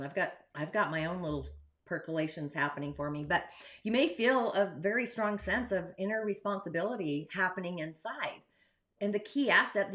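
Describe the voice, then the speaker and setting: Bright, chatty woman streaming spiritual talk. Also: lowish voice. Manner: rambling, chatty, full of asides and rhetorical questions. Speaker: astrology livestream host. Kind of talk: casual spiritual livestream monologue.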